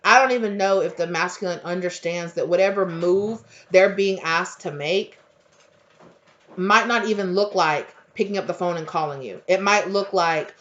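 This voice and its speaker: A woman's voice: fairly low pitch, moderate pace, fairly bright tone. A woman giving a casual spiritual tarot reading, rambling with lots of fillers and restarts. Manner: rambling, filler-heavy, conversational. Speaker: tarot reader. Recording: dull lo-fi audio.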